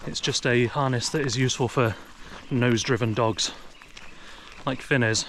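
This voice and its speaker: English man, casual walking commentary, woodland outdoors, clear outdoor noise, action cam. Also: mid-range voice, steady tone, moderate pace, fairly bright tone. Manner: chatty, talks to his dog in a raised sing-song voice. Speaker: outdoor vlogger. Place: outdoors in a forest. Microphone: action camera.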